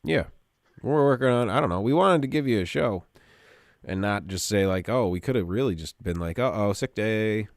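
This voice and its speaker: A man co-hosting a loose podcast, cursing freely as he jokes and riffs. His voice rises and falls in an animated way. The sound is dry and close. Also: on the low side, normal speed, dry recording. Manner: profane, joking banter. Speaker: podcast co-host. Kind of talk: casual chat.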